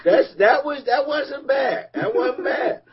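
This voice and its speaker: Man, high voice, husky, stumbling casual chat, dull lo-fi recording. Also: takes it slowly, crowd noise. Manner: loose, stumbling, crude anecdote telling.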